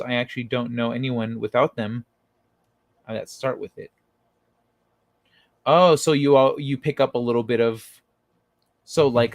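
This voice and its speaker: A man hosts a relaxed late-night livestream, reading viewers' chat messages aloud and answering them. He talks at an ordinary pitch in a loose, profane way and swears freely. The sound is dry and close, with little room echo. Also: gravelly. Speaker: livestream host.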